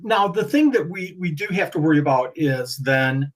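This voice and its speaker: A man talking as a guest on a podcast, animated and rambling, often restarting his sentences. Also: on the high side, normal speed, low-quality recording. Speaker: guest breeder. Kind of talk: casual podcast conversation.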